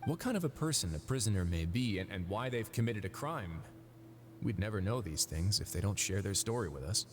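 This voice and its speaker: A man voicing a composed duke in a video game, speaking calmly and courteously. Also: lowish voice, lightly acted. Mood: measured. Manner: calm, measured, courteous. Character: composed male duke running a fortress. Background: game music.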